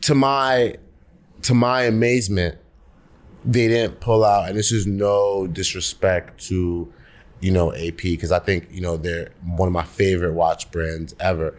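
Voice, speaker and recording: A man's voice: low-pitched, steady tone, unhurried. A man guest on a podcast, chatting casually and telling loose stories with lots of fillers. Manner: loose, filler-heavy storytelling. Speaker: podcast guest, music entrepreneur. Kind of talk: casual chat.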